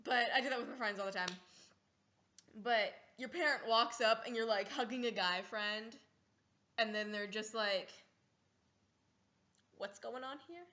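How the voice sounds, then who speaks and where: Bright-voiced teenage girl vlogging playfully. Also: a little high, fairly even intonation, moderate pace, muffled recording. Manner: playful, acts out scenes, giggly. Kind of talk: casual comedic vlog.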